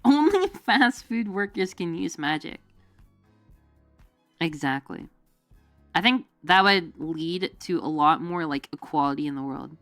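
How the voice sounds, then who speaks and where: A woman's voice: on the low side, animated, measured pace, long pauses, fairly bright tone, dry recording. A woman chatting casually on a livestream, close and dry at the mic. She rambles from one idea to the next, full of fillers and laughing as she goes, with faint music playing underneath. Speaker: streamer. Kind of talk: casual chat.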